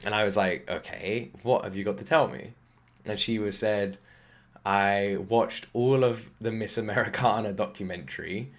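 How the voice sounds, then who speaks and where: A British man hosting a music reaction channel, telling a rambling, excitable story in a casual chat to the camera from his home office. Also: fairly low pitch, moderate pace.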